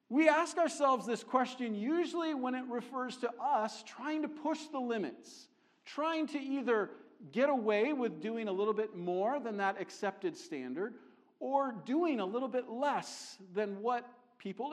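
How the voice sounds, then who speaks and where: A middle-aged man preaching a sermon as a visiting missionary, conversational and joking, growing animated as he builds a point. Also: high voice. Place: church sanctuary. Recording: long hall reverb.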